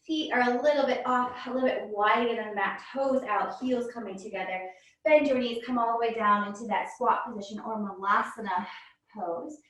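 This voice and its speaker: A woman's voice: fairly high pitch, a little fast, a bit bright. Yoga teacher lady, kinda out of breath, cheering on with lots of "good", sounds far from the mic. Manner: encouraging cues, frequent "good". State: a little out of breath. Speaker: yoga instructor. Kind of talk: guided yoga class instruction. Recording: echoey room, voice from far off.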